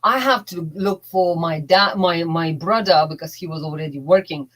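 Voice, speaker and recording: A middle-aged woman who works as a relationship coach, telling a personal story in a heartfelt, halting way with broken grammar. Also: on the low side, a bit bright, low-quality recording.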